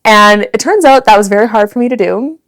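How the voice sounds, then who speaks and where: A woman co-hosting a podcast in a relaxed, conversational way. Her voice sits at an ordinary middle pitch, and she talks easily, as if to a friend across the table. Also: a little fast. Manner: giggly, keeps breaking into laughter while reading. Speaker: podcast co-host. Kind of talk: casual podcast chat.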